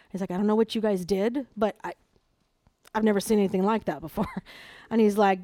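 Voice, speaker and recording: A middle-aged woman preaching a sermon, animated, moving between hushed personal storytelling and loud, emphatic exhortation. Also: mid-range voice, fast, dry recording.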